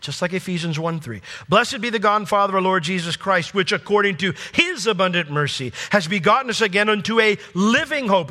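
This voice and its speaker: Impassioned preacher in a reverberant hall. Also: male voice, sits high, expressive, fairly quick, few pauses. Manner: impassioned, swings from loud to hushed. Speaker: pastor. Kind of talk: sermon.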